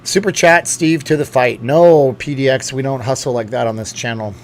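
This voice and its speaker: A middle-aged man talks loosely through a home livestream, drifting from one aside to the next and often restarting his sentences. His voice sits at an ordinary middle pitch. A faint noise hums underneath the recording. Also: fairly even intonation, moderate pace. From lives in Las Vegas. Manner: rambling, chatty, with frequent restarts and asides. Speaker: channel host reading live chat. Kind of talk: casual livestream chat. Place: home room.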